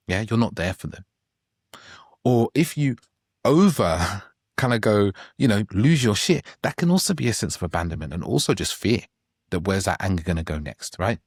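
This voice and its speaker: A man's voice: on the low side, dry recording, clean studio sound. A middle-aged man talking through relationship advice in a conversational podcast monologue, often checking in with "right?". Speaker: relationship coach.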